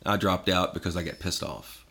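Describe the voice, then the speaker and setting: A middle-aged man as podcast guest, telling stories in an animated, profane casual chat. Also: deep voice, a little fast.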